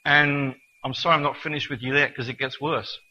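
A man preaching a sermon in an earnest manner, reading scripture slowly and deliberately. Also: medium pitch, steady tone, bright, forceful tone, dull audio.

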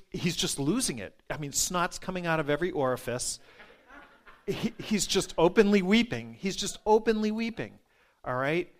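A man who works as a nurse tells a personal testimony in an animated way, laughing often and repeating words. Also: mid-range voice. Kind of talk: storytelling testimony.

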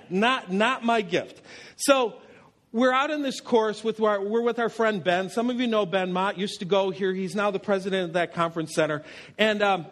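Pastor, male, high voice, storytelling sermon with jokes at his own expense. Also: a bit bright. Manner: anecdotal storyteller with self-deprecating humor.

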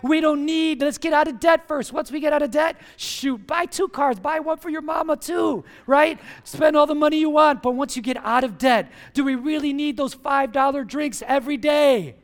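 With a strikingly high, energetic voice, a male pastor preaches a sermon at a moderate pace with hardly any pauses. He punches key words and counts the congregation into call-and-response, like a pastor rallying his church family.

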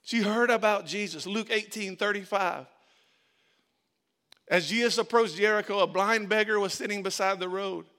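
A man with a high, bright voice preaches to his congregation. He repeats key phrases and builds emphasis as he goes. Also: moderate pace. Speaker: pastor. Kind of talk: sermon.

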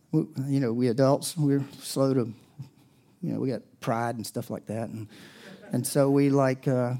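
Conversational middle-aged male preacher, warm tone. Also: mid-range voice. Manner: storytelling, conversational and animated. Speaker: pastor. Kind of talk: sermon.

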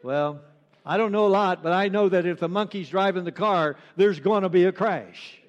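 A man's voice: high voice, moderate pace, big-room sound, highs cut off, lightly acted. A man voicing a talking monkey in a joke told during a sermon, delivering the punchline matter-of-factly. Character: plain-spoken talking male monkey in a joke.

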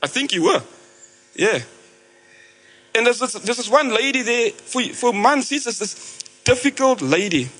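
A man's voice: extremely high pitch, expressive, unhurried, long pauses, a bit bright, low-quality recording. An Australian man preaching a sermon, telling a story conversationally with frequent fillers and restarts.

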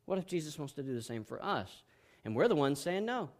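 A man delivers a sermon with a loud, impassioned manner. His voice sits notably high for a man. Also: very animated, a little fast. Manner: passionate, loud preaching. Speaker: pastor.

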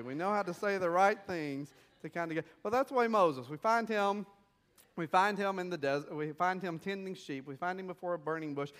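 High-voiced preacher telling stories. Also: male voice, a bit bright. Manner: conversational storytelling with rhetorical questions. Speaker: missionary pastor. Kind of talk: sermon.

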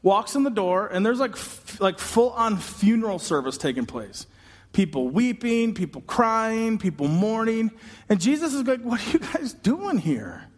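A man preaching a sermon as a pastor, telling the story in an animated, humorous way with quick asides. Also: high-pitched. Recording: long hall reverb.

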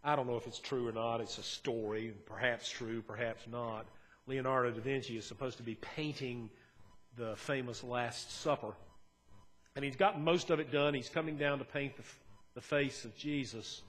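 A man preaching a sermon as a pastor, talking in an earnest, conversational way and moving between quiet and emphatic moments. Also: medium pitch, fairly even intonation, moderate pace.

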